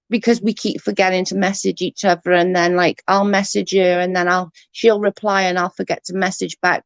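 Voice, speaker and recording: Chatty woman, low voice. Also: flat delivery, brisk, gravelly, few pauses, no echo. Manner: rambling, chatty, swears casually, laughs often. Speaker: livestream host. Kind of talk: casual livestream chat reading comments.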